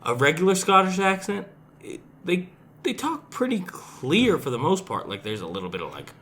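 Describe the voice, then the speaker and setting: A young man co-hosting a podcast in casual chat, opinionated and quick to contradict. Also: high voice, slight background noise. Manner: animated, opinionated, contradicts freely. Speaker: podcast co-host.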